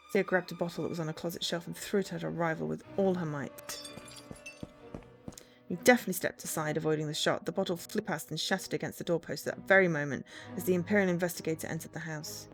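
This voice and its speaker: A woman's voice: low voice, steady tone, quick pace, gravelly, soft background music. A woman streamer narrating a visual novel in a plain reading voice, with dry asides.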